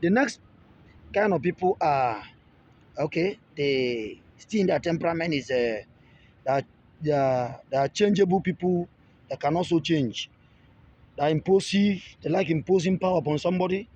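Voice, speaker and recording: Fairly high-pitched but darkish in tone, this man talks at a normal speed over slight background noise. As a relationship video creator, he teaches through a casual monologue, frequently repeating himself, restarting phrases and pleading with his viewers, all on dull lo-fi audio.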